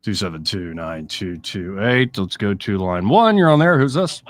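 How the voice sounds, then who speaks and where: A man's voice: fairly low pitch, moderate pace, no echo. Talk radio guy taking calls, voice bounces around a lot, dead dry studio mic. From Alabama. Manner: lively, conversational, laughs easily. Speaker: radio talk show host. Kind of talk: call-in radio chat.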